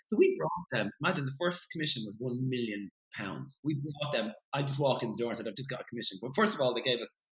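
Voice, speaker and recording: A middle-aged Irish man telling stories as an interview guest, animated and swearing freely as he acts out what people said. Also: medium pitch, fast, low-quality recording. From Ireland. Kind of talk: casual storytelling interview.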